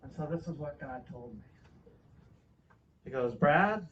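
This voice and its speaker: A man about fifty telling a personal story in a sermon, animated, swinging between loud exclamations and quiet asides. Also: mid-range voice, a little slow, distant mic, lo-fi sound, noisy background. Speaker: guest speaker at a spiritual center. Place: church hall.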